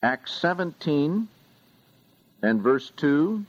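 A man preaching a sermon, reading scripture aloud slowly and with deliberate emphasis. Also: on the high side, big pitch swings, no echo, highs cut off.

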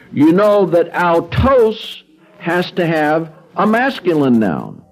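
A man leads a Greek grammar lesson at an unhurried pace, stopping to ask "okay?" as he works through a worksheet. His slightly high voice swings through a wide, animated range. Faint music plays in the background. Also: low-quality recording. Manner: patient, repeats words slowly, checks in with "okay?". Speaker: Greek teacher. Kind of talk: classroom lecture walking through a worksheet.

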